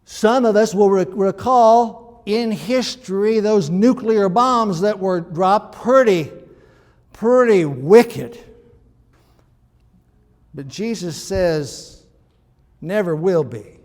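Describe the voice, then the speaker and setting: A man's voice: sits high, slow pace, a little mellow, big-room sound. A male pastor preaching a sermon in a conversational, emphatic way, with frequent restarts.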